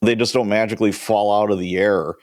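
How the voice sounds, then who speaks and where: A man in his fifties, a retired police sergeant, telling stories as a guest in a casual interview, animated and quick to chuckle. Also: on the low side, dry recording, clean studio sound. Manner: lively anecdotal storyteller who chuckles often.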